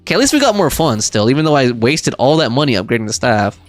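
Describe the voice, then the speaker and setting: A man's voice: mid-range voice, sing-song, quick pace, soft background music. A man in his thirties streaming a game, reading viewer chat aloud and bantering with a laugh. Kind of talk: casual live stream chat.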